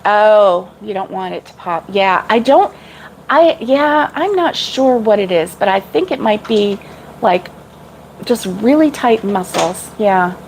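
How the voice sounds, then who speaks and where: A woman's voice: mid-range voice, lively intonation, slow, creaky, a little hiss or hum, poor audio. A middle-aged woman chatting casually with live viewers about crochet, rambling and laughing often. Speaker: crochet vlogger.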